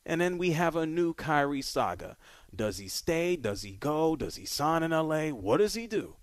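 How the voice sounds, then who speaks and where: A man's voice: on the high side, very animated, normal speed, dry recording. A man hosting a sports talk radio show, delivering an opinionated monologue with emphatic, punchy repetition.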